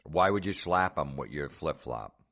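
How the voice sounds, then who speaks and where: A man's voice: very deep voice, expressive, a little slow, a bit bright. A man hosting a comedy podcast, mocking things in a sarcastic, profane rant. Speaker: comedian host.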